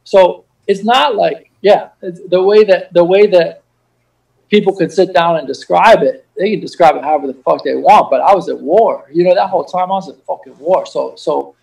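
A man's voice: high-pitched, normal speed, creaky, a little mellow, distant mic, rough recording. A man telling his story as a guest DJ and producer in a casual interview, rambling and swearing freely. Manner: profane, rambling, repeats himself.

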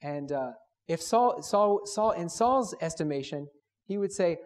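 Male preacher, higher-pitched, emphatic, repetitive student-meeting sermon. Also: expressive, a little slow. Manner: emphatic, repetitive, builds phrases; leads group to read aloud together.

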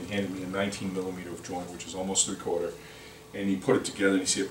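A man's voice: deep voice, level tone, racing. A man giving a product training talk at a lunch meeting, rambling with many repeated words and restarts. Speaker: sales representative. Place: meeting room, lunch and learn. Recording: echoey room from far off, faint noise.

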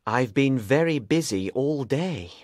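A man playing a sharp, determined detective in an audiobook, speaking clearly and deliberately. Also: medium pitch, lively intonation, dry recording, clean studio sound, lightly acted. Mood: explaining. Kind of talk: audiobook reading.

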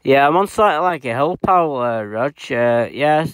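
A man talks in an easy, slangy way while outdoors on a wooded hill. He drops radio jargon as he chats over a handheld radio. His voice sits at a middling pitch, with faint hiss behind it. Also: animated, unhurried. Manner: slangy, uses radio jargon, talks loudly when keying up. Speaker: radio hobbyist vlogger. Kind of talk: casual radio chat with commentary. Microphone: handheld radio and camera mic.

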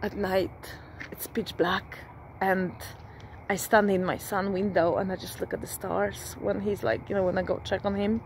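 A woman's voice: mid-range voice, little pitch movement, normal speed, slight background noise. A woman vlogging from her rural home at night, half-whispering, swearing often and speaking from the heart. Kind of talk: casual whispered vlog.

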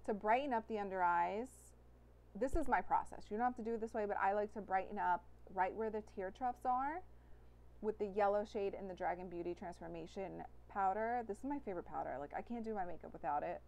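A young woman talks through a makeup tutorial in a chatty, gushing way, dropping "like" as she goes. Her voice sits at an ordinary middle pitch for a woman. She sounds like a beauty vlogger enthusing over her favorite products. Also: brisk, creaky, darkish tone. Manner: chatty with fillers like "like".

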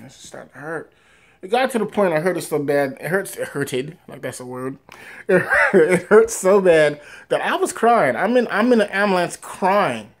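A man talking casually to camera in a personal vlog, rambling with many fillers and restarts, rising loud at the big moments and trailing off quietly after. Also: fairly high pitch, expressive, moderate pace. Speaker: vlogger.

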